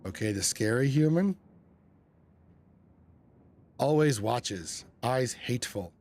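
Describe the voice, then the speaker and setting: A man's voice: mid-range voice, expressive, a little mellow. A man voicing a timid male possum that talks in short, broken phrases. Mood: wary. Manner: halting, simple broken phrases.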